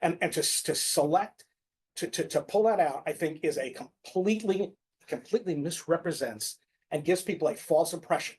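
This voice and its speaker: Town official, man, high voice, insistent and stammering, apologetic under pushback. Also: expressive, normal speed, a little mellow, slight background noise. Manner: insistent, stammering restarts, apologetic when challenged. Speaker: town official at a public meeting. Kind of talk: heated public meeting debate.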